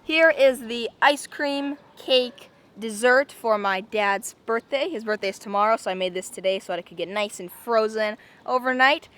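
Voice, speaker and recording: A woman's voice: a little high, normal speed, a bit bright. A young woman making a casual daily vlog, chatty and rambling, often repeating herself and saying "like". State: out of breath. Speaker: vlogger.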